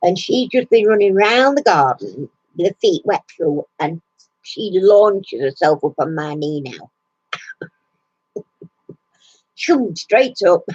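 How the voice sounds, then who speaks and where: A husky-voiced woman talks slowly and easily from her recliner at home, hosting a relaxed live chat. She laughs often between remarks. The sound is dry and a bit dull, like lo-fi stream audio. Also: fairly low pitch, no echo. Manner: chatty, laughs often, coos baby talk to her dog.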